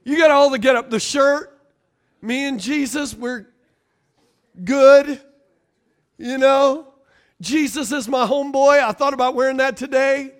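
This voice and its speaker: A man preaching a sermon, lively and conversational, acting out the people in the story with sudden jumps in pitch and loudness. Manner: animated, acts out quoted characters with jumps in pitch and volume. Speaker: pastor.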